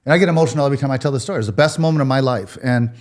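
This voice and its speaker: A man, a restaurateur guest on a podcast, telling emotional personal stories in an animated way and acting out the dialogue. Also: mid-range voice, rapid-fire. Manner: animated, acts out quoted dialogue.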